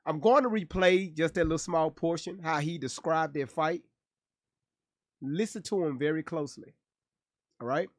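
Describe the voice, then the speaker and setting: A man's voice: fairly high pitch, normal speed, long pauses, dry recording, clean studio sound. A male streamer giving blunt, profane live commentary on a clip, often repeating his words as he thinks aloud. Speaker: streamer reacting to clips.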